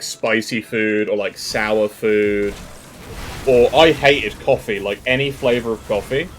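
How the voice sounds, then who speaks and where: British man, game streamer, casual rambling chat, mid pitch, faint background music. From Britain. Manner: joking and rambling, chatting with viewers.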